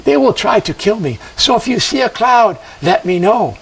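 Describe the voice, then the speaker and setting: A slow, solemn horned snake spirit from a told legend, voiced by a male storyteller. His voice is gravelly and husky, and it carries from a distance off the mic. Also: high-pitched, lively intonation, pitched above the performer's own voice, exaggerated voice. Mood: solemn kind. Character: great horned river snake, kind and wise.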